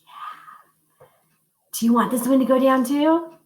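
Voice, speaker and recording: A woman music teacher telling a story to young children and leading simple call-and-response singing, encouraging and sing-song. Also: a little mellow. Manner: slow, sing-song and encouraging, modeling high and low notes for kids. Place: school music room. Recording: echoey classroom.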